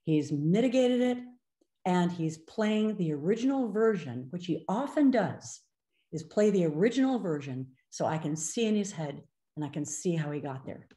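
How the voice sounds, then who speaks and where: A middle-aged woman giving a conference presentation, explaining in a measured way with frequent ums. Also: lowish voice, expressive, warm tone. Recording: roomy echo.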